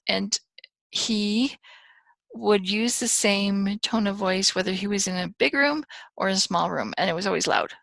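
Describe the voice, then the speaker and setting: Chatty woman lecturer with a gravelly edge. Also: medium pitch, fairly bright tone, dry recording, low-quality recording. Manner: conversational, fast side of normal, with fillers and restarts. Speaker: communication lecturer. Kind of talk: recorded classroom lecture.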